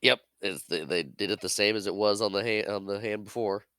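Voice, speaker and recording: A man's voice: lowish voice, fairly quick, sharp tone, clear, resonant tone, no room sound. A man co-hosting a podcast, chiming in with short agreeing remarks and laughing along in casual chat about a movie. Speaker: podcast co-host.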